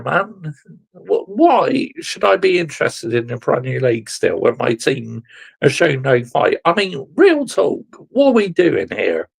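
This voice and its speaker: A man's voice: medium pitch, very animated, a little slow, gravelly, husky. A man ranting as a football fan vlogger, exasperated and sarcastic, swearing and repeatedly addressing his viewers.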